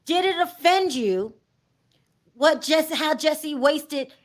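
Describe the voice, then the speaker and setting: Chatty high-voiced woman host. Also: expressive. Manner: chatty, quick to laugh. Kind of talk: call-in show hosting.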